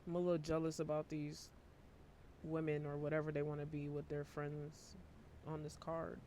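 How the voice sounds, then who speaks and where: A worn-out man giving a casual tarot reading to camera, talking in a flat, low-energy monotone and swearing casually. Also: moderate pace, a little hiss or hum. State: emotionally worn out. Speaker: tarot reader.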